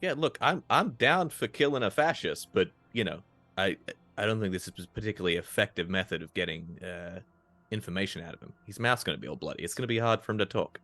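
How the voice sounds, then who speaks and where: A man's voice: low-pitched, lively intonation, fast, a bit bright. A man playing a tabletop game, wry and exasperated, arguing for reason. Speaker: player.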